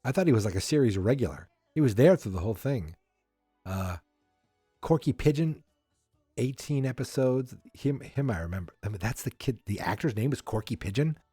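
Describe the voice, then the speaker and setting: Brief: male podcast host, middle pitch, rambling casual recap, dry close sound, faint music underneath. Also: animated, normal speed, mellow, husky, no room sound. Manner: rambling, chatty, with many fillers and wry asides.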